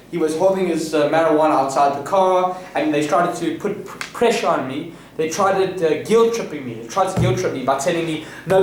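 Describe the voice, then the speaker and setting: A man from South Africa delivers rambling, boastful self-improvement advice, full of restarts and confident asides. His voice sits a little high for a man. He is heard from some distance in a very echoey room, with faint ambience underneath. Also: a little hiss or hum. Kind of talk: casual advice monologue.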